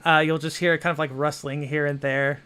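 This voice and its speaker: A man's voice: on the high side, level tone, normal speed, bright, forceful tone, clean tone. A man narrating a tabletop game as game master in a rambling way, full of fillers and restarts.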